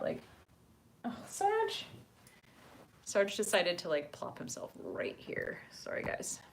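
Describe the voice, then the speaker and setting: A woman's voice: fairly low pitch, fairly bright tone. A woman hosting a casual livestream from her apartment, chatting with viewers and reading their comments aloud with lots of ums. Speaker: livestream host.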